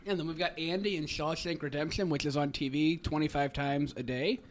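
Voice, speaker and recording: A man co-hosting a podcast in casual chat, relaxed and chatty as he reads quotes aloud. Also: fairly high pitch, a little fast, slight background noise. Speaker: podcast co-host.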